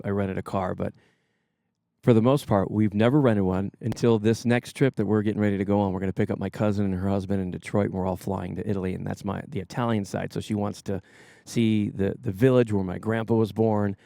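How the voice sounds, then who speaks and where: Gravelly dad on a podcast, warm dark tone, chatty and asks lots of questions. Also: male voice, fairly low pitch, steady tone, fairly quick, dry recording, studio quality. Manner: chatty, asks follow-up questions, rambling with restarts. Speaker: podcast co-host, father. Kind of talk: casual chat.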